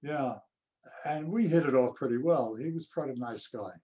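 An older male actor reminiscing in an interview, telling anecdotes in an unhurried way. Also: medium pitch, a little mellow, dull audio. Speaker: actor guest.

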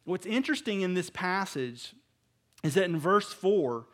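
A middle-aged male pastor preaching a sermon, emphatic, swinging between loud stresses and hushed asides and putting rhetorical questions to his listeners. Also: high-pitched, expressive, measured pace. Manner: asks the audience rhetorical questions.

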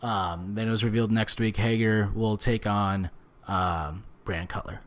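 A man co-hosting a casual wrestling podcast, ranting and swearing with animated bursts of shouting. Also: lowish voice, moderate pace. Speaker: podcast co-host. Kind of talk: casual wrestling recap chat.

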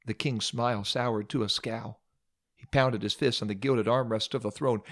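A man's voice: lowish voice, steady tone, brisk. Preacher guy telling a story in a sermon, dramatic with jokey asides.

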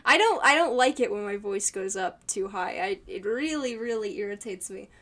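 A woman's voice: medium pitch, animated, normal speed, fairly bright tone. A woman co-hosting a podcast, chatting casually in a rambling, giggly way with many restarts. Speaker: podcast co-host. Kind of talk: casual chat.

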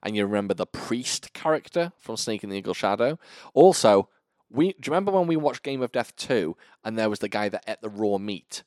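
A man's voice: on the low side, brisk, dry recording, studio quality. A man co-hosting a casual movie-review podcast, rambling and swearing as he tells the plot. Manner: rambling, swears freely, lively storytelling. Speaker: podcast co-host.

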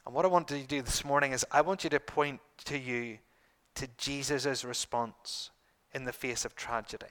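A middle-aged man preaching a sermon to his congregation, earnest, repeating phrases and pausing for emphasis. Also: medium pitch, steady tone, fairly bright tone, clear, resonant tone. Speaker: pastor.

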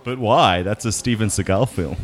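A man's voice: lowish voice, normal speed, natural voice. A man playing a cheerful, increasingly flustered entertainment reporter. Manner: chirpy, flustered interviewer. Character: upbeat male entertainment TV reporter. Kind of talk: sketch comedy.

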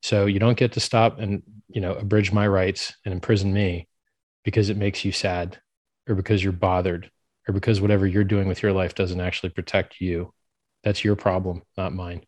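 Deep-voiced blunt man. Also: flat delivery, moderate pace, darkish tone, no room sound. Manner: blunt and opinionated. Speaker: interview guest. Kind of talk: casual interview talk.

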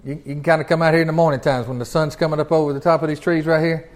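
A man's voice: fairly high pitch, steady tone, racing. A man teaching a Bible class in a folksy, conversational way, often chuckling and restarting his phrases.

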